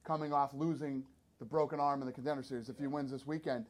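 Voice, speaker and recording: A man's voice: medium pitch, steady tone, fast talker. A man guesting on a podcast as a sports promoter, telling stories emphatically and acting out what others said. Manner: emphatic storyteller, acts out quotes. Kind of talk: casual podcast talk.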